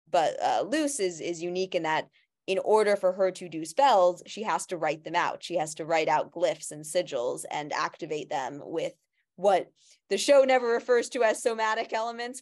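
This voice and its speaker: Chatty woman podcaster, restarts a lot. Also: on the low side. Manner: chatty, rambling with many restarts and fillers. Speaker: podcast co-host. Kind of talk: casual chat.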